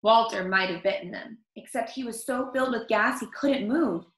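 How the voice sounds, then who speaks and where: A woman reading a picture book aloud to children, expressive, stopping to comment on the story. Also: fairly high pitch, moderate pace. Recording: echoey room.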